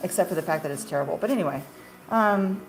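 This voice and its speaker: Chatty woman in a noisy workroom. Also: fairly low pitch. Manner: self-deprecating, rambling, with quick asides. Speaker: small-batch marshmallow maker and shop owner. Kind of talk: casual chatty storytelling while working. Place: candy kitchen while cutting marshmallows. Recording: steady ambient background noise.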